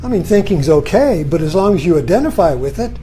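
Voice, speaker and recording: A man teaching on stillness in a reflective spiritual talk. His voice is mellow and warm, and its pitch rises and falls freely. He leans on rhetorical questions and lets out soft chuckles. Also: lively intonation, fairly quick, slight background noise.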